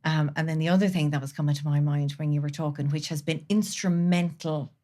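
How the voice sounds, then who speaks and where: A woman guest on a podcast, speaking earnestly and from the heart, sometimes dropping to a soft near-whisper. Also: sits low, steady tone, a little fast. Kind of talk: candid conversational interview.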